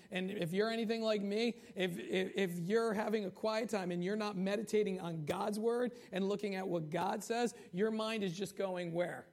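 A man preaching a conversational sermon as pastor, slowing down to stress key points and often asking the congregation "right?" and "okay?". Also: high-pitched, vocal fry. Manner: slows down for emphasis on key points.

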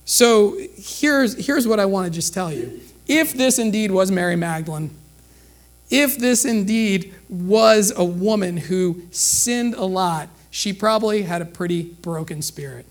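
A man's voice: sits high, animated, a little slow. A middle-aged man preaching a sermon in a conversational way, full of rhetorical questions to the listeners. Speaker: pastor.

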